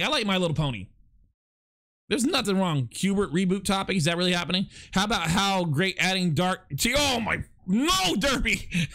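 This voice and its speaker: High-voiced young man hosting live. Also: fairly bright tone. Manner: rambling, stammering, reads and answers chat. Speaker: live podcast and stream host. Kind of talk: casual live chat with viewers.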